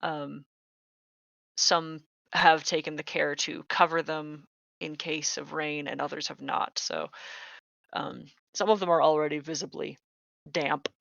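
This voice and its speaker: A man narrating a tabletop game as game master, halting with many fillers. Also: a little high, steady tone, vocal fry, fairly bright tone, dry recording. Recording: dull lo-fi mic.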